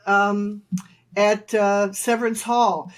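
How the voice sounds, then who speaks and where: Mãe hesitante, falando com muitas pausas. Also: female voice, medium pitch, little pitch movement. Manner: hesitant, rambling with many fillers. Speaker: guest, mother of the hosts. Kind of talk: casual chat.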